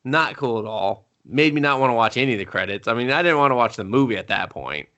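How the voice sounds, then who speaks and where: A man co-hosting a casual movie review podcast, sarcastic and profane, often slipping into quick mock voices to act out scenes. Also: mid-range voice, expressive, bright, forceful tone, muffled recording. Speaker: podcast co-host.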